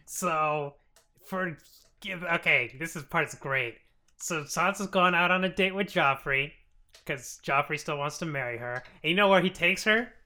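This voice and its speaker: A man's voice: fairly high pitch, unhurried, pushed and bright. A man co-hosting a comedy podcast, recapping a TV series in a loose, rambling way and laughing often. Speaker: podcast co-host summarizing a TV series.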